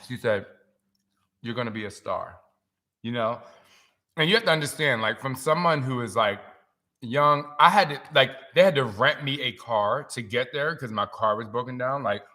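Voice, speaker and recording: Man, forties, live-stream host, bright tone, animated, emotional storytelling. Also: medium pitch, normal speed. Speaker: fitness trainer hosting a live stream. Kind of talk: casual live-stream chat.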